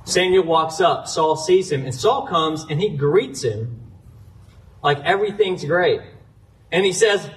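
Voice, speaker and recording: A man's voice: a little high, lively intonation, unhurried, far from the mic, rough recording. A man preaching a sermon, retelling a scripture story earnestly and citing chapter and verse as he goes. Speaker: pastor.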